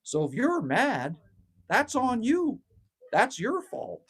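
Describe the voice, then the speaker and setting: Casual host, middle-aged man, rants and swears freely, animated and a little raspy. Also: extremely high pitch, slow. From Canada. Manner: rambling, ranting, swears freely. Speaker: livestream host. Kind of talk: casual livestream chat, reading viewer comments aloud. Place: outdoors at a cabin. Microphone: phone livestream.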